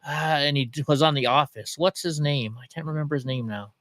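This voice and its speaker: A man's voice: on the high side, brisk, heavy background noise. A man casually commenting over live street footage as the stream's host. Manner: relaxed, musing aloud. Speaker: livestream host.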